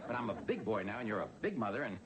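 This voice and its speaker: A man's voice: lowish voice, sing-song, racing, very noisy. A flustered, joking middle-aged guy. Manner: flustered, stammering jokes. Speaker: lead character. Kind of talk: sitcom acting. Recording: sitcom audio with studio audience laughing.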